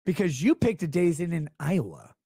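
Brief: male streamer, sarcastic profane rant, very animated pitch. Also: moderate pace, slightly rough, dry recording, clean studio sound. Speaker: livestreamer reading chat. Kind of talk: ranting livestream monologue.

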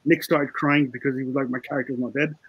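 A man's voice: mid-range voice, quick pace, gravelly, highs cut off, heavy background noise. A man, a film director, chatting casually in an interview and explaining how the story came together. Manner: relaxed, explains, quotes others.

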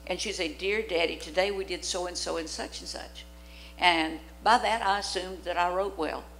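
An older woman from Louisiana, preaching a storytelling sermon in a church, dramatic and animated as she acts out the voices in her stories. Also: lowish voice, moderate pace, slight background noise, poor audio. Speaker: guest preacher. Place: church sanctuary.

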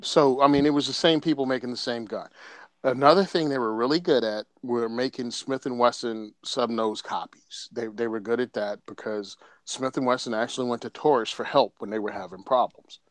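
A man's voice: mid-range voice, brisk, no room sound. A man on a podcast telling a story in casual chat, joking and laughing often. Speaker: podcast co-host.

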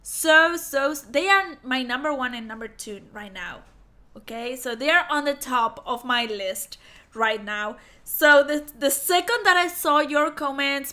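Excitable high-voiced woman hosting reactions. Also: unhurried. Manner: excitable, effusive, repeats herself. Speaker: music reaction video host. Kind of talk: casual reaction chat.

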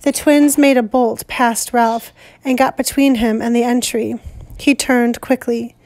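A woman's voice: fairly high pitch, fairly even intonation, darkish tone. Woman teacher reading a novel aloud. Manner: measured, deliberate storytelling.

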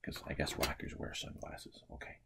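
A man teaching a remote preschool lesson, playful and animated, swinging from hushed to excited. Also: normal speed, noisy background.

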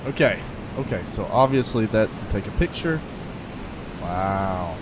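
A man's voice: fairly low pitch, expressive, a little slow, noisy background. Hyped young man streaming a game. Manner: hyped, shouting thanks to donors. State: out of breath. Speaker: gaming streamer. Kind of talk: excited live game stream.

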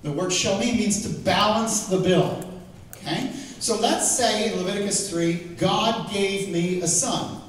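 High-voiced man teaching in an echoey hall. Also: measured pace. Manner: animated and joking, with rhetorical questions to the audience. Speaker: Bible teacher. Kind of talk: lively teaching talk to a live audience. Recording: echoey hall, mic far off, faint noise.

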